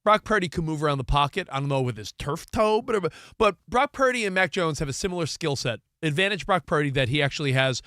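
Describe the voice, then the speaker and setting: Animated, excitable male sports co-host. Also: on the high side, quick pace, few pauses, no room sound, clean studio sound. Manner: excitable, jokey storyteller. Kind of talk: casual sports talk.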